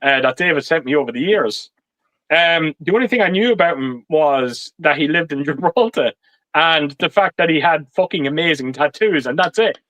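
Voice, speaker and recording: High-voiced, sweary man hosting. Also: lively intonation, moderate pace, a bit bright, no room sound, low-quality recording. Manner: swears constantly, laughs a lot, stammers on restarts. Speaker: livestream host. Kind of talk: casual chat.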